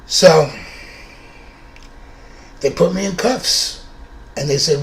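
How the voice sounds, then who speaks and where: A man's voice: mid-range voice, sing-song, slow, gravelly, pauses often. A man in his fifties from New York with a New York accent, telling a true story in a blunt, profane, conversational way. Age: 50s. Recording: roomy room with faint noise.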